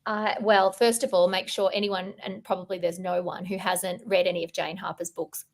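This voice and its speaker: A woman's voice: on the low side, level tone, moderate pace. A woman novelist from Australia with an Australian accent, chatting playfully and poking fun at herself in an interview. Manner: playful and self-deprecating, easy laughs. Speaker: novelist guest. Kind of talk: casual interview chat.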